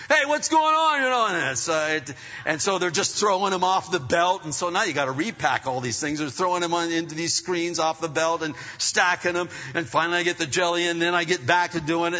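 A middle-aged man preaching through a personal story, rambling and animated with many restarts. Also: fairly high pitch. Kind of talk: sermon storytelling. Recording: dull, echoey hall sound.

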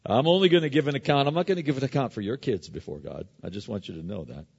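A man's voice: mid-range voice, very fast, vocal fry, husky. A middle-aged man preaching a sermon in a conversational style, with stories and frequent restarts. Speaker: pastor. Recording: dull recording with long hall reverb.

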